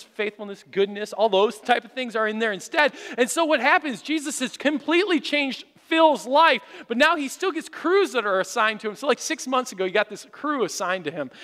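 Very high-voiced male pastor preaching. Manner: animated storytelling, rises to shouts for emphasis. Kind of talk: sermon. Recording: long hall reverb.

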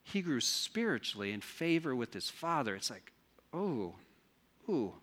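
A pastor preaching a sermon, asking his congregation rhetorical questions in an animated way. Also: mid-range voice, measured pace.

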